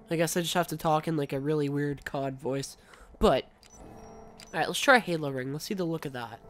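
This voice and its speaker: Excitable young man with a cough. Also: fairly high pitch, brisk, slight background noise. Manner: excitable, gushing exclamations. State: coughing after an illness. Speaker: gaming YouTuber. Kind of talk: casual gameplay commentary.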